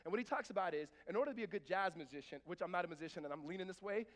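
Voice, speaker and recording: A man preaching a sermon as pastor, conversational and animated, with sudden emphatic bursts. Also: high voice, very fast, big-room sound.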